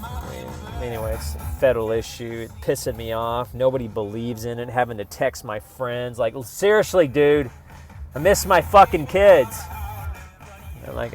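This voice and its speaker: Man, mid pitch, profane rambling rant, faint music behind. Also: steady tone, moderate pace. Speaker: vlogger. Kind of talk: casual rant to camera.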